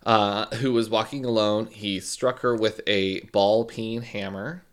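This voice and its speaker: A man's voice: lowish voice, unhurried, clear, resonant tone. A man co-hosting a podcast, retelling a crime story in casual chat with playful asides. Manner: lively, laughing, playful asides. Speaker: podcast co-host.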